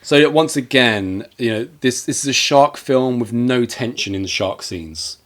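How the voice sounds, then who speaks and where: A man's voice: medium pitch, a little slow, fairly bright tone. A man co-hosting a casual film review podcast, making sardonic, dry jokes about the film.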